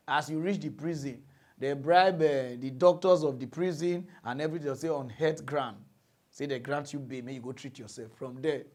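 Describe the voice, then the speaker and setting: A man with a Nigerian Pidgin accent hosting a mock news show, delivering a mocking comic monologue. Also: a little high. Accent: Nigerian Pidgin English. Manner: animated, mocking, breaks into shrieking impressions. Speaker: comedy news host.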